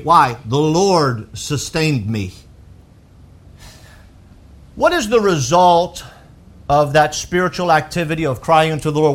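Pastor guy preaching, pretty high voice, gets loud then drops real soft. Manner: emphatic preaching that rises to shouts and drops to soft lows; quotes scripture in a slow, deliberate voice. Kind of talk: sermon.

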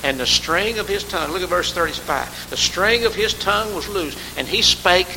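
A man's voice: sits high, lively intonation, normal speed. A man preaching a sermon, rising to emphatic call-and-response and calling on congregation members by name. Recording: hissy recording in a reverberant hall.

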